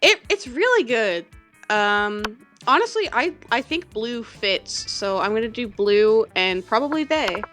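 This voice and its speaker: A woman's voice: fairly high pitch, animated, a little slow, fairly bright tone, faint music behind. A woman chatting casually as a guest player, enthusiastic and tripping over her words. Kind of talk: casual chat while gaming.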